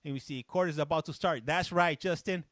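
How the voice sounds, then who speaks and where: His voice sits on the high side, steady and fairly bright, and he talks a little fast; the studio-quality recording has no echo. As the host of a casual stream, he rambles through a story while breaking off often to greet chatters and respond to comments, occasionally slipping into a little Spanish.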